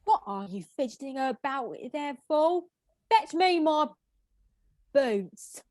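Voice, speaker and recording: A woman's voice: high voice, very animated, takes it slowly, a little mellow, dry recording, clean studio sound, heavily acted. A woman reading a bossy old-fashioned mistress. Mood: imperious. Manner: imperious, scolding. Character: bossy middle-aged mistress of a house. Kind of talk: script read-through.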